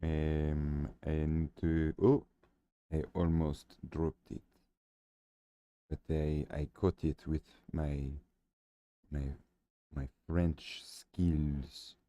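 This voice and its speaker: A man putting on a vague mock foreign accent, halting and searching for words. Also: rumbling low, little pitch movement, warm tone, dry recording, full character voice. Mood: deadpan.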